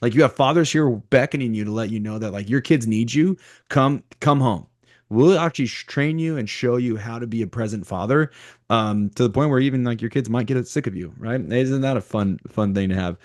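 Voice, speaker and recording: A man's voice: mid-range voice, a little fast, darkish tone, dry recording, clean studio sound. A man hosting a podcast, asking upbeat conversational questions with rhetorical asides. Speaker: podcast host. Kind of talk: casual interview.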